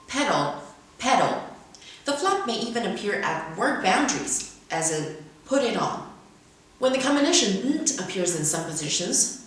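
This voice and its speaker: A woman's voice: mid-range voice, fairly bright tone. A woman teaching English pronunciation, carefully modeling words one by one in a lesson. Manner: careful, deliberate word-by-word modeling. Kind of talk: instructional lesson with read-aloud examples. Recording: very echoey room, mic far away.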